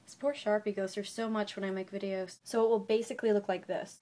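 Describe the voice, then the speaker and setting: A woman's voice: mid-range voice, steady tone, brisk, few pauses, darkish tone. A young woman vlogging casually from her bedroom, explaining poetry with playful, self-mocking asides. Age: young adult. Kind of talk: casual educational vlog.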